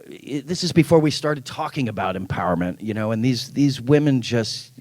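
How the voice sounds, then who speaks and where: A middle-aged man, an actor at a convention panel, telling anecdotes in an animated way, acting out quoted lines and laughing often. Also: medium pitch, normal speed, no echo.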